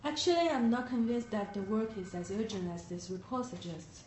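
A woman's voice: fairly high pitch, animated, moderate pace, a little mellow, natural voice. A woman playing an insistent committee member. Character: persistent female committee member. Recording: roomy recording, faint noise.

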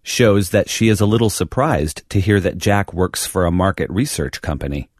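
A man reading an English lesson script in a clear, deliberate teaching voice. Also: low voice, a little mellow, no room sound, clean studio sound. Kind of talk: scripted language-lesson narration.

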